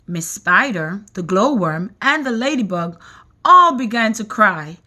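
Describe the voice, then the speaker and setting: A woman reading a children's book aloud, expressive and animated. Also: mid-range voice, a little slow. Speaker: reader.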